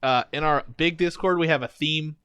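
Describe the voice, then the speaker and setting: A man's voice: fairly high pitch, moderate pace, bright, forceful tone, smooth, no echo. A young man co-hosting a casual podcast, tripping over his words and laughing it off. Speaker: podcast co-host. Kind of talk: casual chat.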